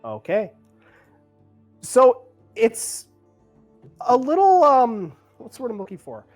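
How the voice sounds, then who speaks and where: Rambling game master over faint music. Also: male voice, extremely high pitch, wildly swooping pitch, takes it slowly. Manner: rambling, laughing, searches for words. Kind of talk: narrating a tabletop game.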